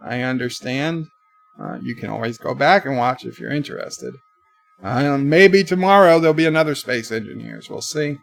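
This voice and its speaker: A man hosting a casual livestream from his bedroom, reading viewers' comments aloud in a livelier voice and answering them in a lower, quieter tone. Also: normal speed, vocal fry. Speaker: livestream host.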